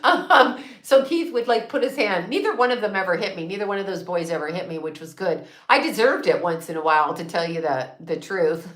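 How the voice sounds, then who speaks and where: A woman's voice: on the low side, a little fast, hardly any pauses, fairly bright tone, reverberant. A woman in her sixties hosting a casual livestream, reading viewer comments and chatting candidly, swearing freely and laughing often. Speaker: psychic and astrologer livestream host.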